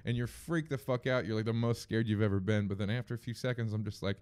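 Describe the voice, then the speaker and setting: A man with a low, smooth and resonant voice, talking as a guest on a podcast. He tells rambling stories in a casual way, peppered with swearing. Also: fairly even intonation, quick pace, darkish tone. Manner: profane, rambling storyteller. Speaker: comedian guest. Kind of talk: casual chat.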